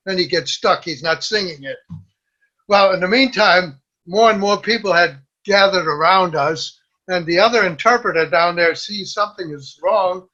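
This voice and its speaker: Older male storyteller, high bright voice, dull lo-fi audio, lively anecdote delivery. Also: normal speed. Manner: lively storyteller, quotes others in raised voice, laughs at own tale. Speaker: WWII veteran guest. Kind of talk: telling a war story.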